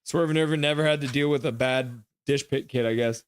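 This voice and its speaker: A man's voice: mid-range voice, fairly quick, clear, resonant tone, dry recording, clean studio sound. A young man from Canada hosting a live stream, reading chat messages aloud and giving casual play-by-play of the game. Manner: reads chat messages aloud, chatty, jumps into game commentary.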